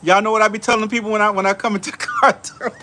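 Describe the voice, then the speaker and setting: A man hosting a casual show, telling stories in an animated, laughing, slangy way, outdoors on a back porch. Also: high-pitched, racing, a little hiss or hum. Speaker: show host. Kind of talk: casual storytelling chat.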